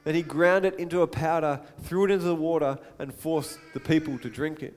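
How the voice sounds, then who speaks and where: A man's voice: fairly high pitch, steady tone, fairly quick, a little mellow, in a large hall. A man preaching a sermon in a conversational way, stopping for asides and acting out the quotes he reads.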